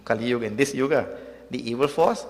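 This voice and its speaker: A man preaches a devotional sermon in a temple hall, and the recording carries long hall reverb. His medium-pitched voice moves at a quick pace as he tells a story, using rhetorical questions and repeated words for emphasis.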